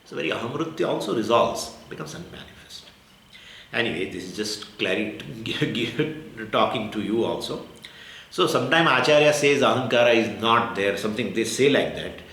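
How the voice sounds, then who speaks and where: A man's voice: mid-range voice, lively intonation, normal speed, creaky, a bit bright. A man with an Indian English accent giving a spiritual discourse as a Vedanta teacher, explaining in short repeated phrases with Sanskrit terms. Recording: echoey room with faint ambient noise.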